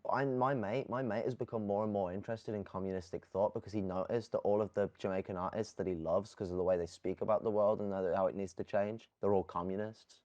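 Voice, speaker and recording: A man co-hosting a casual podcast, rambling and halting, with lots of fillers and swearing. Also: on the low side, fairly even intonation, a little mellow. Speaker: podcast co-host. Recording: dull lo-fi audio.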